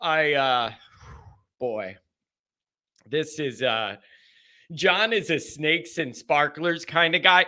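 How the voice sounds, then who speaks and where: A man's voice: fairly high pitch, slow, long pauses, pushed and bright. A man hosting a live sports call-in stream, talking casually in an emphatic, rambling way and repeating himself. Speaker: sports call-in show host.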